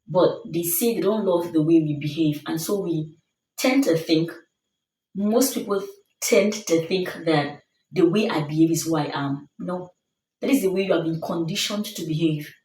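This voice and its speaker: A woman's voice: fairly low pitch, moderate pace, a little mellow. A woman giving a motivational self-help talk, earnest and emphatic, hammering her points home with repeated phrases. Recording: roomy sound, distant mic.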